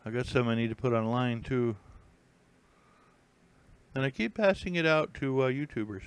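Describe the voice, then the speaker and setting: A man's voice: mid-range voice, moderate pace, clear, resonant tone, dry recording, low-quality recording. A man hosting a casual live stream, rambling and thinking aloud with many fillers and restarts while he browses listings. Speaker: YouTube host.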